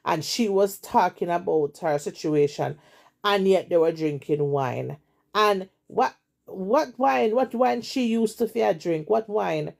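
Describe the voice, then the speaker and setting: Gravelly Jamaican woman telling a story. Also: mid-range voice, darkish tone. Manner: emphatic, repetitive, dramatic storytelling. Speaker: storytelling host. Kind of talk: retelling a story in casual chat.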